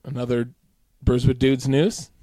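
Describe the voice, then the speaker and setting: A man co-hosting a casual beer-tasting podcast with a goofy, drawn-out, jokey delivery. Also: medium pitch, flat delivery, warm tone, no room sound. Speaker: podcast co-host.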